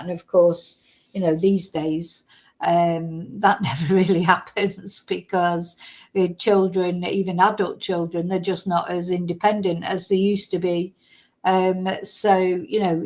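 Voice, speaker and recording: A woman's voice: fairly low pitch, a little mellow. A woman commenting casually on a true crime story during a live stream, rambling with many fillers.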